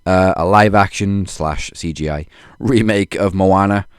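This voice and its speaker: A man's voice: low-pitched, measured pace, clear, resonant tone, no room sound. A man co-hosting a podcast in casual chat, handing out points with dry sarcasm. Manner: dry, sarcastic scoring of wrestlers. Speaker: podcast co-host.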